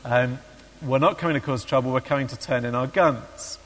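Male preacher, mid pitch, halting delivery full of ums, long hall reverb. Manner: hesitant with many ums, acts out quoted voices. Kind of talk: sermon with read-aloud story.

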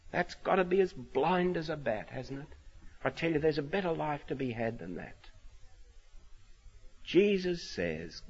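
An Australian man preaching in a big church hall, his pitch swinging widely as he acts out the scene. The sound is dull and lo-fi, with a long reverb trailing each phrase. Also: a little slow, creaky, long pauses, breathy edge. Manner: animated, dramatic retelling with voiced quotes. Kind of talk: sermon.

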